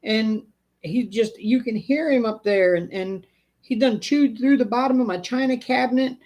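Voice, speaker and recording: A man voicing a frantic, tearful old woman, pleading in a high, drawn-out way. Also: darkish tone. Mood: tearful panic.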